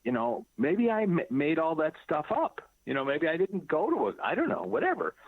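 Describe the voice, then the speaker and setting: A man's voice: medium pitch, dry recording. A middle-aged man telling a personal story as an interview guest, acting out quoted voices and laughing often. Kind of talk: animated conversational storytelling. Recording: dry, phone-like narrow sound.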